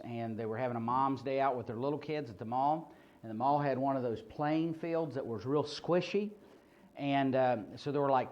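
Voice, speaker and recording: A man training people at a ministry seminar, talking informally with stories, many fillers and restarts. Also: mid-range voice. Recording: muffled lo-fi recording.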